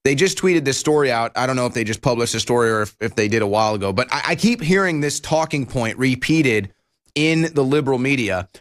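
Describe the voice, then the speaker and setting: A man's voice: medium pitch, lively intonation, brisk. A man hosting a political talk show, delivering sarcastic, mocking and emphatic commentary.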